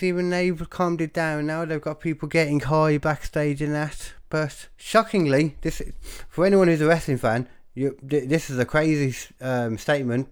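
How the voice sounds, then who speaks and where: A young man from the UK talking alone in a loose, rambling way. He swears freely and mocks himself, jumping from loud bursts to low mumbles. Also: clean tone. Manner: rambling, self-mocking, sweary, quick swings between loud and mumbled. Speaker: podcaster and stand-up comic. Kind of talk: casual solo chat.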